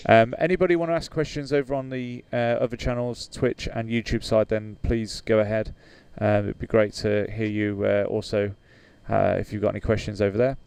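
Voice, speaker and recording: A man's voice: fairly low pitch, fairly even intonation, fairly quick, vocal fry, few pauses, darkish tone, clean tone, no echo. A British man hosting a flight sim livestream in casual chat, hesitant with many fillers, reading out viewer comments and laughing easily.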